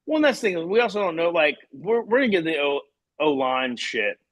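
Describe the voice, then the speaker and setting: A man's voice: a little high, very animated, normal speed, a bit bright. A man from co-hosting a live sports show, talking in a profane, ranting way. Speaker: podcast co-host. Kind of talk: casual sports talk.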